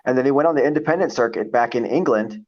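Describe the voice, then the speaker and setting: Excitable man over dull lo-fi audio. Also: medium pitch, fast. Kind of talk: casual chat.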